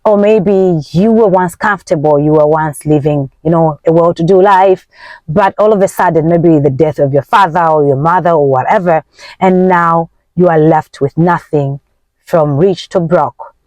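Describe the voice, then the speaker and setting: Woman, Nyanja first language, self-help coach, emphatic preachy vlog talk, swinging pitch and tempo, dry close sound. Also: moderate pace, a little mellow, no room sound. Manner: preachy, faith-filled encouragement.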